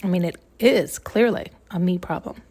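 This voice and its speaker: A woman's voice: lowish voice, normal speed, darkish tone. A woman hosting a podcast, thinking aloud in a rambling, searching monologue, restarting her sentences and close to tears at times. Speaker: podcast host. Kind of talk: intuitive musing monologue.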